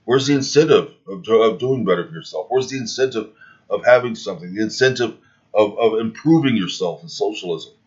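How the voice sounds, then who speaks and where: A man's voice: lowish voice, animated, brisk, darkish tone. A man speaking in a heated opinion monologue, rambling and restarting his words, recorded with dull, lo-fi sound. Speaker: video commentator.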